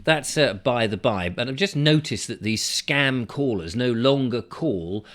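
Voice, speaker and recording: A man's voice: medium pitch, animated, unhurried, fairly bright tone. A man hosting his own vlog, telling a story in a rambling, chatty monologue full of wry asides. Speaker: vlogger, show host. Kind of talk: casual to-camera monologue.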